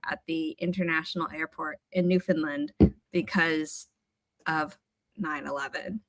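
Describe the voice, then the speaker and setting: A woman hosting a writing livestream, chatting casually and telling rambling, animated stories. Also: low voice, measured pace, noisy background. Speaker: writing sprint host.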